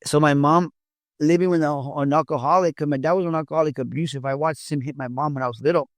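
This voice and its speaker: A middle-aged man, born in Mexico, speaks as an interview guest about his past. His voice sits a little high for a man, and he stumbles and restarts often. The sound is dry and close, with no room around it. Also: fairly even intonation, no echo. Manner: halting, many restarts and repeated words. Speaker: interview guest, former police officer. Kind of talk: candid storytelling in an interview.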